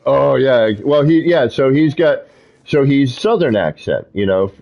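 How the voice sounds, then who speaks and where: A man's voice: mid-range voice, creaky, highs cut off. A man streaming a video game, chatting in a rambling way with players who join him in voice chat. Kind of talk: casual live-stream chat while gaming.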